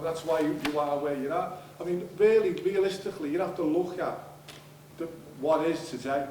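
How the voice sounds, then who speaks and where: A man with a Liverpool accent asking a rambling, heated question from the floor at a university seminar, often restarting his sentences and getting loud. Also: a little high, reverberant, recorded from a distance, a little hiss or hum, low-quality recording. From England. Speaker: audience member asking a question.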